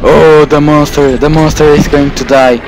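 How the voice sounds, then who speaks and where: Over gameplay, a man does an in-character vlog as a house owner, bursting into frightened, excited exclamations with stammered repeats. His voice is a little high at a moderate pace, with background noise present.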